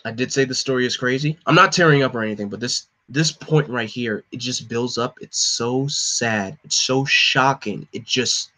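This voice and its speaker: A man casually reading a comic aloud and narrating it with excited emotion. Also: medium pitch, a little fast, hardly any pauses. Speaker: comic reader. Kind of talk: casual comic live read.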